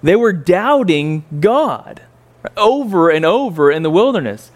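Animated man teaching a Bible story. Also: a little slow. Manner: conversational, full of rhetorical questions and fillers; swings from incredulous highs to quiet, low reflection.

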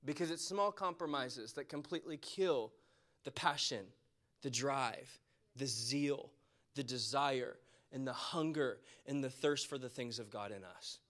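A man preaching a sermon with passion, repeating phrases for emphasis and going soft and quiet toward the close. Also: mid-range voice, measured pace. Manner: impassioned, repeats phrases for emphasis, drops to a soft tone near the end.

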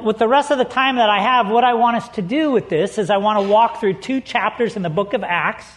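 A man preaching as a pastor, telling a personal story with humor and acting out the people in it before reading scripture. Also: high-pitched. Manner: lively storyteller, acts out quotes, laughs easily.

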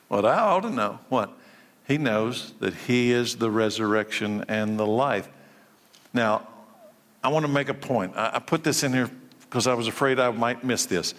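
Man preaching in a reverberant hall. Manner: impassioned preaching, surges high and loud then drops low and quiet. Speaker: pastor. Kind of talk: sermon.

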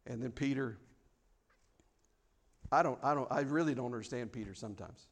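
A man preaching a sermon, swinging between loud, mock-formal prayers and quiet, reflective stretches. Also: medium pitch, normal speed, vocal fry. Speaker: pastor.

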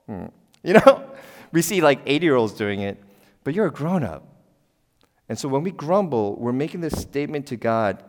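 A middle-aged man preaching a sermon as a pastor in a church. He is conversational and emphatic, asks the congregation questions and breaks into sudden loud exclamations. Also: medium pitch, big pitch swings, moderate pace. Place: church sanctuary. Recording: long church hall reverb.

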